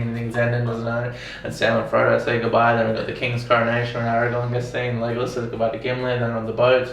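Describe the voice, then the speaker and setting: A man's voice: mid-range voice, fairly bright tone, far from the mic, slight background noise. An Australian man co-hosting a podcast, rambling and swearing in casual banter about a show. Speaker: podcast co-host. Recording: roomy room, off mic.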